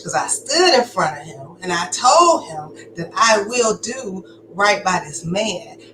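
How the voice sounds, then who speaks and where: A woman recounts her own story in a frank, emphatic testimony. Her voice sits at a middle pitch and is recorded in an echoey room with a faint hiss behind it. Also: lively intonation, a little slow, few pauses. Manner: candid, conversational, emphatic. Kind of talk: personal testimony.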